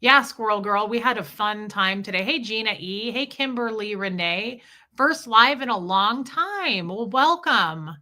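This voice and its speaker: Bright woman greeting livestream viewers. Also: on the high side, animated, measured pace. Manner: greets viewers by name one after another. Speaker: livestream host. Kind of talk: casual livestream chat.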